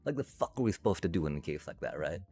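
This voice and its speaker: A man's voice: low-pitched, big pitch swings, rapid-fire, dark tone, husky, soft background music. A man streaming a card game, ranting and swearing in casual commentary. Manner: frustrated, swears constantly, rants.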